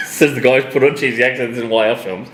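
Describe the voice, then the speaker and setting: A middle-aged Australian man co-hosting a casual live show, animated, swearing freely and laughing often. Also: medium pitch, brisk, echoey room, slight background noise. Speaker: co-host. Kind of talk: casual live-stream chat.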